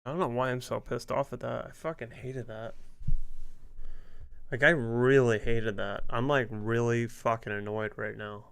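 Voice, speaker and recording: A male gaming streamer talks through his play in loose, rambling commentary. He sounds annoyed and swears often, with a smooth, clear voice at an ordinary pitch. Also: steady tone, moderate pace. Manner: irritated, rambling, swears a lot.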